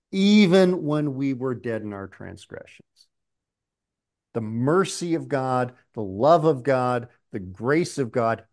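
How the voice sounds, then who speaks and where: A man preaching a sermon, slow and emphatic, often clearing his throat. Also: medium pitch, darkish tone.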